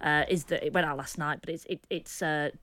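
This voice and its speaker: Woman comedian guest, bright forceful tone, animated and self-mocking. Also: low-pitched, fairly quick. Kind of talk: casual studio chat.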